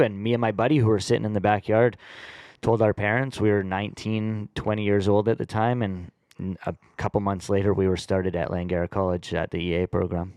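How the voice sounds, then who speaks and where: A man's voice: on the low side, fairly quick, no echo. A young adult man, a podcast guest, telling stories in a loose, casual way with many fillers. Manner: relaxed storyteller with many fillers.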